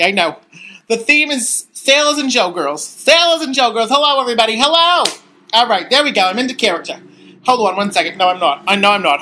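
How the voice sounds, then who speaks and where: A gushing, teary middle-aged aunt and former showgirl, as a woman acts her out rambles through a toast in a comedy sketch. Her voice sits a little high, and she frets and gushes, flustered and overcome. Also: sharp tone.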